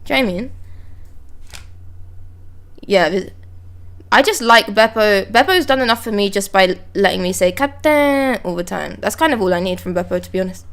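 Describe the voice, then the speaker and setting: A woman's voice: mid-range voice, expressive, normal speed, pauses often. A woman on a live stream talks casually into a close desk microphone. She is chatty and blunt, swears freely, and reads panels aloud in between her reactions. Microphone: close desk mic.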